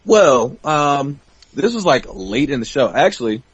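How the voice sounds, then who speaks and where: A man in his twenties, a wrestler guest, telling a backstage story in a profane, animated way. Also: measured pace, husky, no room sound. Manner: profane, animated, bursts into high-pitched mimicry. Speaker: interview guest, pro wrestler. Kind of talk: casual storytelling. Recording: dull, dry podcast audio.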